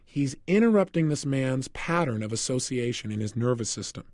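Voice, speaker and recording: Man, self-help coach, animated storyteller, dry close recording. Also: medium pitch, moderate pace, dry recording. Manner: animated storytelling, laughing often. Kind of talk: recorded motivational lecture.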